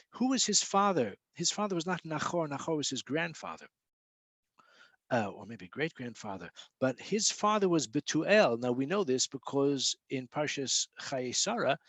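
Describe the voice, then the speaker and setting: A man teaching a Torah class in a casual way. He chants Hebrew verses slowly, explains them in English, and fills pauses with many uhs and restarts. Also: a little high, fairly bright tone, no echo. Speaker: rabbi teaching Torah portion.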